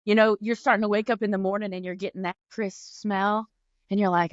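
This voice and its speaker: A woman from Virginia, a podcast guest, answering in a relaxed, easygoing way. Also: medium pitch, brisk, no echo, highs cut off. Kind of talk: casual interview chat.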